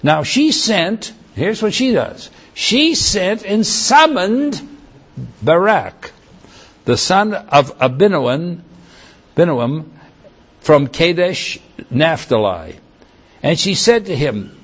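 A man delivers a sermon, reading scripture and then explaining it, often stopping to restart a phrase. His voice sits fairly high for a man and has a husky edge. He speaks slowly and deliberately. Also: very animated. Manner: halting, many restarts and fillers, reads verses aloud then comments. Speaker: preacher. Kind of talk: sermon, Bible teaching.

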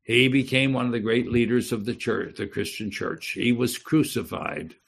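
Man, preacher, sermon, gravelly voice, mid pitch, animated, repeats words. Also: moderate pace. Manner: animated, repeats and restarts words, reads scripture aloud.

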